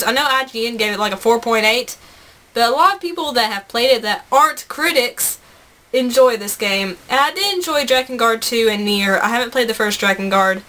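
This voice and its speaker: A woman's voice: a little high, bright, forceful tone. A young woman vlogging about games she bought, chatty and bubbly, rambling with laughs and asides. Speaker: gaming vlogger. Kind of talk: casual chat to camera.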